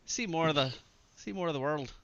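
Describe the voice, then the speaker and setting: A man's voice: a little high, a little fast, fairly bright tone, muffled recording. A man playing his character in a tabletop game, speaking in a made-up put-on accent. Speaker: player. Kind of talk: in-character tabletop role-play.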